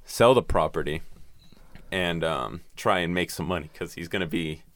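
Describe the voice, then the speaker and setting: A man's voice: low-pitched, moderate pace, a bit bright. A man in casual chat, recapping a film's plot in a rambling way with lots of swearing and filler words. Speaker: podcast host recapping a film.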